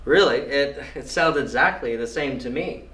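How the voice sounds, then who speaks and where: A man's voice: mid-range voice, normal speed, sharp tone, lightly acted. A man playing a cheerful, cocky struggling actor who boasts and mangles French words. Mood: eager. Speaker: actor in a student film. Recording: echoey room from far off.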